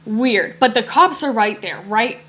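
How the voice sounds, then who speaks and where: Young woman telling a story, animated. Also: a little high, measured pace. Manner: animated, acts out quoted voices. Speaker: podcast host. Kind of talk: casual storytelling.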